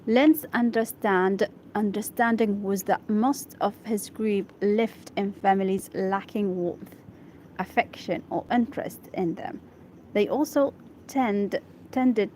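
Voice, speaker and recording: Slight hiss or hum accompanies a woman with a mid-range, darkish voice as she reads an English article aloud for practice. A native Arabic speaker, she pauses to sound out and repeat difficult words and to check her pronunciation.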